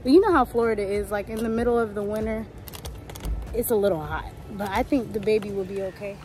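A woman vlogging casually on a handheld camera at an outdoor wildlife park, chatty and animated. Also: mid-range voice, fast, a little hiss or hum. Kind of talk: casual vlog chat. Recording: music playing behind.

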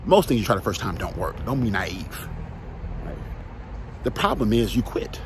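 A man delivers an emphatic motivational talk straight to the listener. He repeats his key lines and fires direct questions, with a lively, swinging pitch over faint background noise. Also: moderate pace. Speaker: motivational speaker, former football player.

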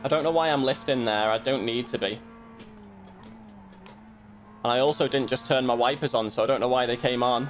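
A sim racing streamer casually commentates his own race, self-critical and muttering asides. His medium-pitched voice is brisk with frequent pauses, and a little hiss or hum sits in the recording.

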